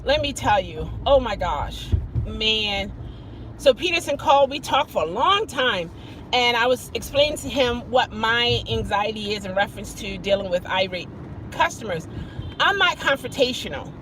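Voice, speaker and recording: Chatty high-voiced woman hosting a live stream. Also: moderate pace, noisy background. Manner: chatty, greets viewers by name mid-story; expressive, jumps high when emphasizing. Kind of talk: casual live-stream chat.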